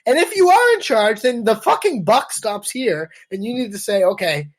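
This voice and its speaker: A woman's voice: fairly high pitch, sing-song, moderate pace. A woman co-hosting a political podcast, talking in a blunt, profane, sarcastic rant. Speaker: podcast co-host.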